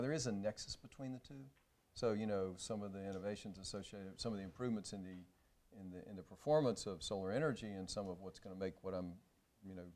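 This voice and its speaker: A man on a panel answering an audience question in a measured, hedging way with frequent restarts. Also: low voice, darkish tone.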